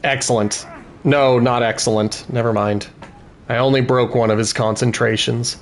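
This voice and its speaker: A man's voice: mid-range voice, fairly even intonation, normal speed, a little hiss or hum. A man giving let's-play commentary, thinking aloud about tactics and cheering on his party members. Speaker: gaming video host.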